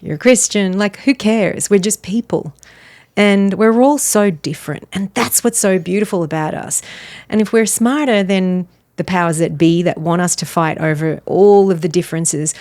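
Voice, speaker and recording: A middle-aged woman, a wellness author and podcast guest, telling a personal story in an earnest, animated way. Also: mid-range voice, measured pace. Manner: earnest, animated, laughs between phrases.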